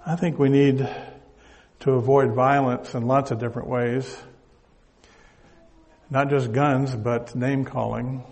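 Older man, Southern accent, sermon, deliberate halting delivery, long hall reverb. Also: medium pitch, flat delivery, darkish tone. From Southern United States. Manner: halting, deliberate, repeats words while searching for them. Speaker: preacher.

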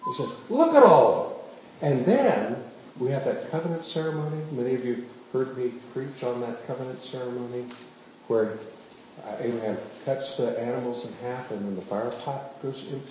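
Telling stories from the pulpit, this man often turns to quiz the congregation, keeping his sermon animated. He speaks in a mid-range voice at normal speed, in a very echoey room with faint background noise.

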